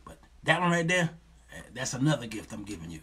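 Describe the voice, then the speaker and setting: A man voicing God as a calm, quiet male voice that gently corrects him. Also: medium pitch, fast talker, husky, voice pushed down, heavily acted. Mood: calm, knowing.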